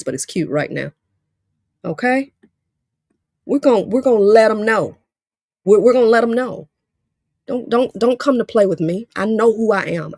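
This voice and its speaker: Woman coach, preachy, emphatic, repeats herself, mid-pitched, dry close sound. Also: a little mellow, no echo. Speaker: career coach. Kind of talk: live-stream coaching talk.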